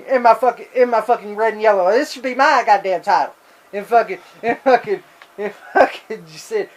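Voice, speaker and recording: A man co-hosting a casual wrestling review, excitable and profane, often mimicking wrestlers and commentators. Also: high voice, a little fast, low-quality recording. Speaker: podcast co-host.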